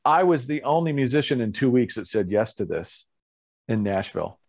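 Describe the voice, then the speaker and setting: Animated man telling a story. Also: medium pitch, moderate pace. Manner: animated, acts out other people's lines with laughs. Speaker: guest musician, bassist. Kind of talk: casual storytelling interview.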